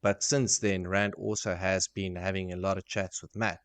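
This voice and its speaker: A man co-hosting a casual book discussion, speaking in a measured, thoughtful way. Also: sits low, flat delivery, dry recording. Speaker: podcast co-host.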